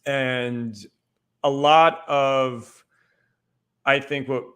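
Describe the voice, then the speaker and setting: A young man from the Northeastern US, speaking as a podcast guest at a middling pitch. He explains things in a loose, rambling way and leans on "like" as he goes. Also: steady tone, extremely slow, fairly bright tone, smooth. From Northeastern United States. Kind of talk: casual podcast discussion.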